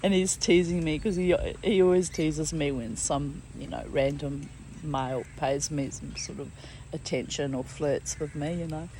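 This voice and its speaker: Woman vlogger, rambling casual story, low-ish voice, faint background noise. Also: fairly even intonation, normal speed. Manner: chatty, rambling, many fillers.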